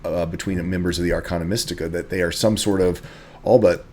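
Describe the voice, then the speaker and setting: A man's voice: low voice, steady tone, fast, dark tone, a little hiss or hum. A man running a tabletop game as game master, chatty and playful.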